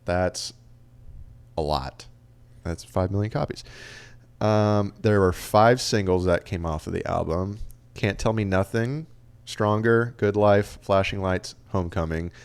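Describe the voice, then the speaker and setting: A man's voice: low voice, measured pace, smooth. A man in his late twenties co-hosting a podcast, chatting casually and reading out album stats and review quotes. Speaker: podcast co-host. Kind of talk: casual chat.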